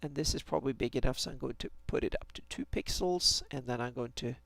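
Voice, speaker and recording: Brief: man, mid pitch with gravelly fry, dry close sound, musing hesitantly while streaming map work. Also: fast, fairly bright tone, no room sound. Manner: hesitant, many restarts and fillers. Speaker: fantasy map maker streaming his work. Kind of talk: thinking aloud on a live stream while drawing a map.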